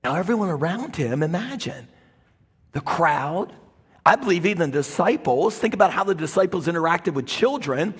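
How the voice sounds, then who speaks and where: A man's voice: on the high side, lively intonation, normal speed, husky. A man preaching a sermon as a pastor, dramatic, crying out quoted lines at full voice. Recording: long hall reverb.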